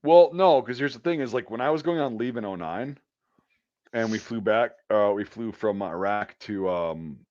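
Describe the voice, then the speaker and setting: A man in a loose, profane storytelling flow, rambling through a long anecdote with plenty of "like" and "um". His voice sits mid-pitch and comes through dull and dry. It sounds like lo-fi online call audio from home. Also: lively intonation, normal speed, a little mellow, no echo. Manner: profane, rambling anecdotal delivery with many fillers. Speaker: podcast host. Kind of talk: casual storytelling chat.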